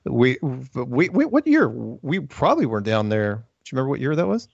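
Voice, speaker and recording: A man's voice: medium pitch, huge pitch swings, moderate pace, creaky, husky, no room sound. A middle-aged man hosting a casual chat, rambling with lots of restarts. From United States. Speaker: podcast host. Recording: dull lo-fi sound.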